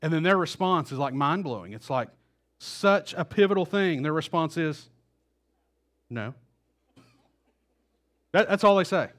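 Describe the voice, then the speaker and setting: A man with a high voice preaches in a church, telling the story in a relaxed, conversational way. He repeats his words now and then and acts out the quoted lines as he goes. He speaks into a stage microphone. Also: normal speed. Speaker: pastor. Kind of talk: sermon. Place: church auditorium.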